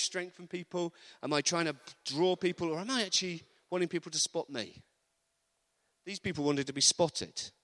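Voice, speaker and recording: A man preaching a sermon, animated, acting out quotes with humorous asides. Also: fairly high pitch. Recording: long reverb of a large hall.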